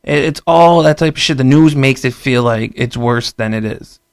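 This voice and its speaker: At a normal speed and with a smooth, medium-pitched voice, a young man rants to camera for a casual vlog, with no room sound. The rant is profane and emphatic; he repeats himself and stumbles into stammering restarts.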